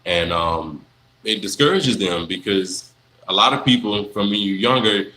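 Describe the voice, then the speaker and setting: A young man, chatting casually on a livestream, answering viewers in a relaxed, rambling way full of fillers. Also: fairly low pitch, a little slow, a little hiss or hum, low-quality recording. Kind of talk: casual live Q&A chat.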